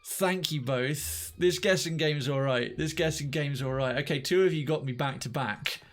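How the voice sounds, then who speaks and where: A man streaming a video game live, chatting excitedly, often stammering and restarting his sentences, and quick to get startled. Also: fairly high pitch. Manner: jumpy, startled easily, exclaims. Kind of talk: live let's-play commentary.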